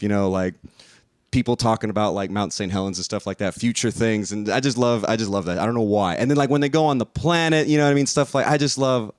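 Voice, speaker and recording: A man's voice: on the low side, a little mellow, no room sound, studio quality. A young man giving a rambling, profane, casual spoken review, laughing often as he talks. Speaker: video reviewer.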